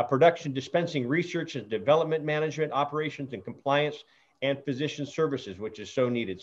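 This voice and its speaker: A chatty man hosting an interview show, speaking in a halting way with many fillers and restarts. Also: mid-range voice. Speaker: show host. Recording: dull lo-fi audio.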